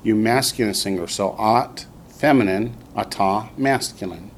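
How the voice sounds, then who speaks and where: Patient male teacher with a low voice. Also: moderate pace, slight background noise. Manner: patient, repeats student answers. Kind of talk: classroom language lesson.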